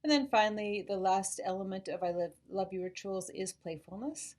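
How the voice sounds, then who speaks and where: A woman school psychologist calmly explaining parenting ideas to parents, modeling gentle phrases to say to children. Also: mid-range voice, normal speed. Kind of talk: informational talk to parents.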